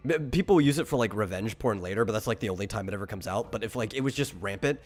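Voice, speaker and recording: A man in casual chat, dry and reasoning, his sentences trailing off quietly. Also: on the low side, expressive, fast talker, faint music behind. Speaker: podcast co-host.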